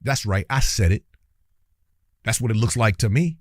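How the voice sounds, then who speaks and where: A man's voice: lowish voice, animated, normal speed, dry recording, studio quality. A man hosting a reaction commentary, talking in a heated, preachy, colloquial way and speaking straight to his viewers. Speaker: commentary channel host.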